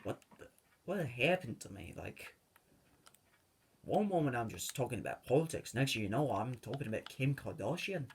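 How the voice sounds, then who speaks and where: A young man talks over his game, drifting from one tangent to the next with plenty of ums and uhs. His pitch sits mid-range but swings in a lively way. The delivery is casual and unscripted. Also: moderate pace, gravelly, slight background noise. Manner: rambling and tangent-prone, with many fillers. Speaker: gaming channel host. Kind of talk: rambling let's-play commentary.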